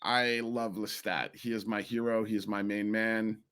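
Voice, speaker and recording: A man in his forties from New Jersey, a podcast guest telling stories in an animated, rambling way with many restarts. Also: on the low side, normal speed, clear, resonant tone. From New Jersey, USA. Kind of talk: casual interview storytelling.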